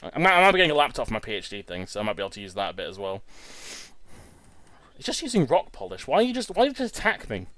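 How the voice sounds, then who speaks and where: A man's voice: medium pitch, wildly swooping pitch, fast talker, a bit bright, dry recording. A young man in his twenties hosting a let's-play, rambling casually and tripping over his words. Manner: chatty, rambling, stumbles and repeats words. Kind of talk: casual gameplay commentary. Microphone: home recording setup.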